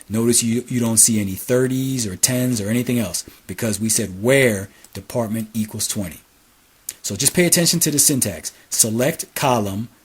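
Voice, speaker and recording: Husky man teaching a coding lesson. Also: lowish voice. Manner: repeats key phrases, dictates syntax slowly while typing. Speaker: SQL instructor. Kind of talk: screen-recorded coding lesson.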